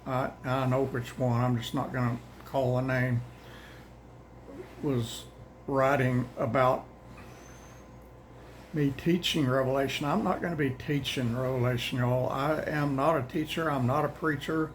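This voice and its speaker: A man's voice: medium pitch, fairly even intonation, slight background noise, low-quality recording. An older man, chatting casually and rambling to viewers about a daily Bible reading plan, a little out of breath. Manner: folksy, plain-spoken, says y'all; rambling, halting, restarts often.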